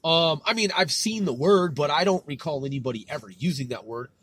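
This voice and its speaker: A man's voice: on the high side, expressive, brisk, fairly bright tone, husky, no room sound. A man in his thirties hosting a solo podcast, rambling in loose, profane slang and laughing at himself as he reads things aloud. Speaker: podcast host.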